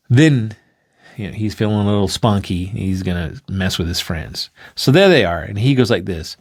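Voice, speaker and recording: A podcast host, a man, explains an idea by telling an animated story. He's excitable and acts out the characters in quick bursts, with sudden jumps in pitch.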